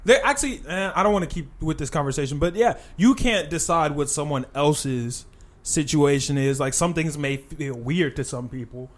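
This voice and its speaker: A man's voice: fairly high pitch, expressive, moderate pace. A man in casual podcast chat, swearing freely and acting out quoted voices.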